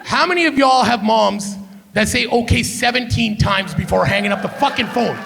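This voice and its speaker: A man from Canada, a stand-up comedian on a theater stage, telling loud, profane family stories and keeping the crowd with him with "right?". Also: sits high, moderate pace, creaky, over music. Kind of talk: stand-up storytelling.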